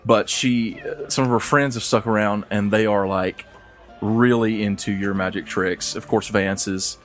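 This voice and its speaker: Man running a tabletop game, low voice, easygoing, rambling. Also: steady tone, measured pace, soft background music. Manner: easygoing, rambling, fond of filler phrases. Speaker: game master.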